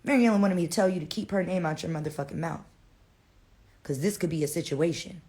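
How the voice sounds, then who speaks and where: Woman putting on a low menacing killer. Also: warm tone, lightly acted. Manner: low, slow, veiled threats. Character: menacing male killer on parole.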